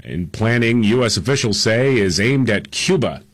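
A man's voice: medium pitch, animated, normal speed. Male talk-radio co-host, studio, dry and hesitant delivery. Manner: reads news items, dry asides, lots of "uh". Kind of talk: casual radio talk show banter.

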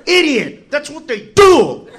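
A man doing an aggressive, profane stand-up rant, shouting his punchlines. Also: extremely high pitch, huge pitch swings, slow. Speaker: stand-up comedian. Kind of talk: stand-up comedy routine. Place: live comedy club. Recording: live club with crowd noise.

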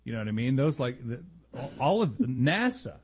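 A man's voice: medium pitch, sing-song, moderate pace, darkish tone, breathy edge, no room sound. A man co-hosting a talk radio show, chatting casually with a rambling, hesitant delivery.

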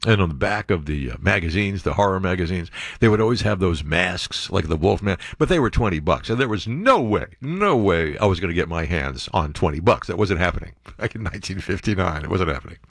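A man's voice: low voice, lively intonation, a little fast, few pauses, a bit bright, slightly rough, dry recording, studio quality. A man, a talk radio host telling a rambling story full of fillers. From the Bronx, New York.

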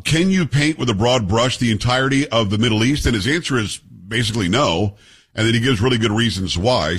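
A middle-aged man hosting a talk radio show, speaking close to a studio microphone. His voice has a husky edge, and he drifts from promos into loose, joking asides with his co-host. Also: fairly low pitch, fairly bright tone. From Texas. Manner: chatty, joking, name-dropping asides. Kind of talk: casual radio chat.

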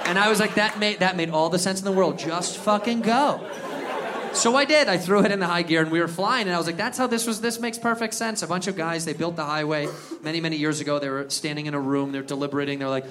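Loud high-voiced comedian in a crowded club. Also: male voice, fast. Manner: profane, loud bursts into shouted act-outs. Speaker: stand-up comedian. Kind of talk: stand-up comedy set. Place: comedy club stage before a laughing crowd. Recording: live club recording with crowd noise.

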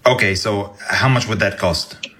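A man on a prank phone call, putting on an Indian accent and speaking in a hesitant, halting way with many fillers. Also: on the low side, bright, forceful tone. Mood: casual inquiry. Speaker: producer making a prank call.

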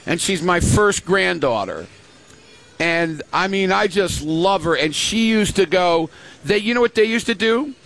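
This older man, a grandfather, is a guest chatting on a show and spinning family tales, giving each quoted person their own voice. His high, expressive voice runs a little slow, fairly bright, with some vocal fry.

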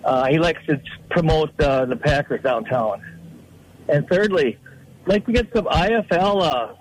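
Halting man calling a sports radio show. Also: on the high side, animated, low-quality recording. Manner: halting, list-like with many uh fillers. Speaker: caller. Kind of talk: phone-in call.

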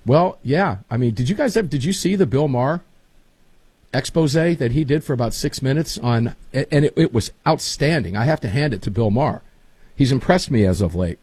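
Animated folksy man hosting a talk show. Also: medium pitch, brisk, slightly rough, dry recording. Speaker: show host. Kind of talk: casual talk show banter.

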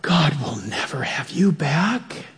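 A man voicing a sly, accusing male devil in a whispery, hushed voice that turns shrill. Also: expressive, slow pace, husky, long reverb tail, exaggerated voice.

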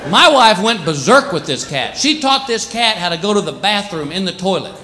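A man's voice: high voice, normal speed. A man doing a stand-up routine, acting out his pets in silly voices. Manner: animated, acts out pets in funny voices. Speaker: stand-up comedian. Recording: live club with crowd and noise. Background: audience laughter.

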